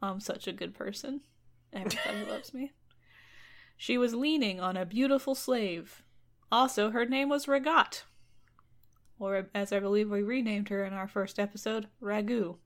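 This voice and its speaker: A woman's voice: mid-range voice, normal speed. A woman narrating a fairy tale in a loose, joking way, often laughing at her own asides. Her voice sits in a middling range. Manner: casual, giggly, self-mocking. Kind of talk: comedic story retelling.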